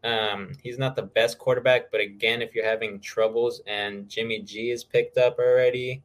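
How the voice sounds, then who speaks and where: A man's voice: medium pitch, fairly even intonation, moderate pace. A man co-hosting a podcast, casually talking through player stats with plenty of filler uhs. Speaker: podcast co-host. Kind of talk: casual fantasy football chat.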